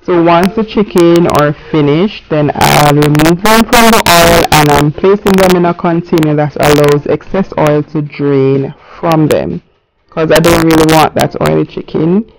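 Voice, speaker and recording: A woman's voice: deep voice, measured pace, vocal fry, low-quality recording. A woman giving a casual cooking voice-over, chatty and talking straight to her viewers. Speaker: cooking channel host.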